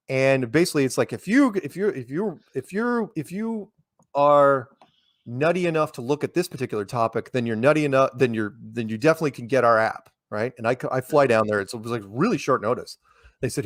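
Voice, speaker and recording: An American man tells stories as a guest in a casual interview. He rambles, restarting and repeating words, at an ordinary pitch. The sound is dry and close, with no room echo. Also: brisk. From United States. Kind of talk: casual conversational storytelling.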